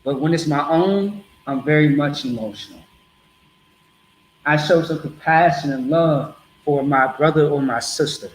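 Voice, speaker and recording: A man's voice: on the high side, a little slow, roomy sound, slight background noise, rough recording. A man preaching bluntly to a group in a streetwise, repetitive way.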